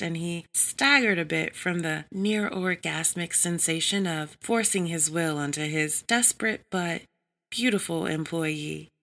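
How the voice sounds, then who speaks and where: A woman narrating an adult story in a measured, even reading style. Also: on the low side, vocal fry.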